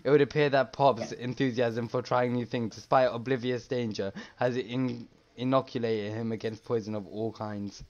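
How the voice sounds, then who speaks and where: A man reading a dating game aloud in soft, dramatic narration. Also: medium pitch, fairly even intonation, normal speed, hardly any pauses, highs cut off. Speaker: game reader. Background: music.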